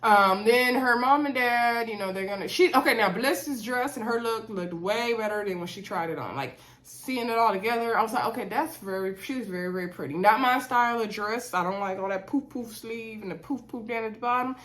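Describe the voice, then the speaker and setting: A woman's voice: a little high, brisk, hardly any pauses, a bit bright. A woman vlogger, recapping a reality show in an opinionated, chatty way with many fillers and asides. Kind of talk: casual recap chat.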